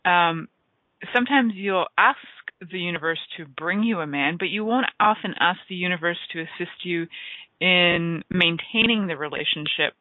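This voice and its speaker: A woman's voice: fairly low pitch, moderate pace. A woman hosts a radio show in loose, enthusiastic talk, wandering off on tangents and catching herself. Her voice comes through a narrow, tinny line that sounds like a phone call. The sound is dry, with no room echo. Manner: rambling, enthusiastic, self-interrupting.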